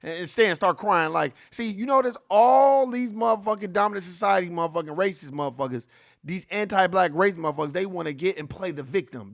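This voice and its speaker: A man's voice: high-pitched, big pitch swings, quick pace, fairly bright tone, no echo, studio quality. Heated, profane man ranting on a stream. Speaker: host. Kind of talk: ranting reaction commentary.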